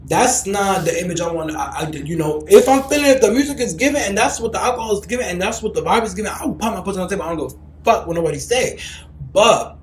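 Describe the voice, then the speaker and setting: Brash, profane young man, high voice. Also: fast, reverberant, poor audio. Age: young adult. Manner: brash, profane and animated, with mocking shrieks. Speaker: podcast host. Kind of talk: casual chat. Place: lives in Los Angeles.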